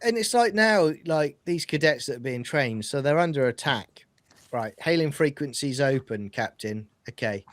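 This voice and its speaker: A British man co-hosting a fan podcast rants in animated, exasperated casual chat. He slips into mocking voices. The recording is close and dry, with no room sound. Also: on the high side, moderate pace, no room sound. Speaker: podcast co-host.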